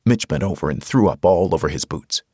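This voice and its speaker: A man's voice: low voice, expressive, brisk, dark tone, no room sound, studio quality. A man narrating a horror audiobook in the first person, with dramatic storytelling.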